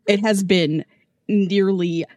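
A woman around thirty co-hosting a casual book podcast, rambling with halting restarts. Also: medium pitch, steady tone, a little mellow, no room sound, clean studio sound. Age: about 30. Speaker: podcast co-host. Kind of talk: casual book-club chat.

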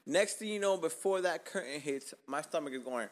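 A young man, hosting a casual podcast and telling a profane, animated story, acting out his own lines with whispers and yelps. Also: a little high, brisk. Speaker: podcast host.

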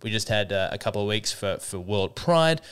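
A man's voice: on the low side, animated, a little fast, a bit bright, clean tone. A young man hosting a comedy podcast alone, talking in a rambling, wry and self-mocking way. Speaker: podcast host. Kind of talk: comedic solo podcast monologue.

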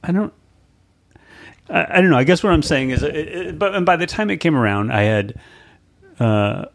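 A man hosting a podcast, talking in a rambling, halting way full of fillers and restarts. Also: on the high side, animated, vocal fry. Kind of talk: casual podcast chat.

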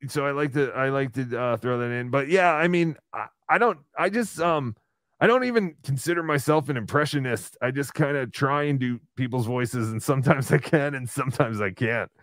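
A man's voice: mid-range voice, fairly bright tone, no room sound. Chatty man with a dry sound. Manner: halting, lots of fillers, self-deprecating. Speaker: podcast host. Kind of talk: casual chat.

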